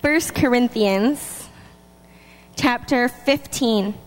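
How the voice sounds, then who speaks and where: A woman with a high, bright-sounding voice delivers a lively, chatty sermon. Her words carry a long reverb, as if spoken in a large church hall. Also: extremely slow. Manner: lively, chatty, laughs between points. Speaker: preacher.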